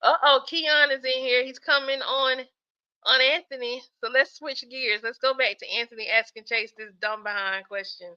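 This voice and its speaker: A woman hosts a live chat and talks straight to her viewers, laughing easily. She sounds sleepy and keeps stifling yawns. Her voice is bright and sits a bit high, and the audio is dull and lo-fi. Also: smooth. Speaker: live-stream host reacting to skits.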